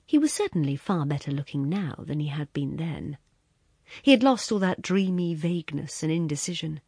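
Husky woman narrating a story. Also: sits low, no echo, clean studio sound. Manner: measured, expressive storytelling with soft hushed passages. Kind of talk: audiobook narration.

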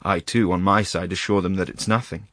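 A man reading a halting, embarrassed country doctor. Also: low-pitched, steady tone, fairly bright tone, dry recording. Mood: rueful. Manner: halting, hesitant, full of asides. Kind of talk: audiobook reading.

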